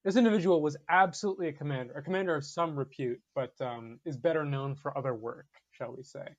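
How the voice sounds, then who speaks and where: A man's voice: a little high, fast talker. Wry young man with dry humor. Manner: wry, playfully formal phrasing. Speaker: podcast co-host. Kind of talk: casual history chat.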